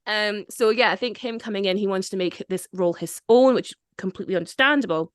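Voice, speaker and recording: A woman's voice: mid-range voice, fast, smooth, no room sound, clean studio sound. A woman with a Scottish accent hosting a casual film podcast, talking in a chatty way, laughing easily and often restarting her sentences. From Scotland. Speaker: podcast host.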